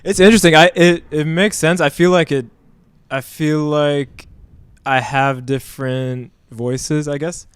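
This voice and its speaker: A man, a guest musician who produces his own vocals, chatting thoughtfully and often backing up the host with quick laughing agreement. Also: fairly high pitch, steady tone, clean tone, no room sound. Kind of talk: casual chat.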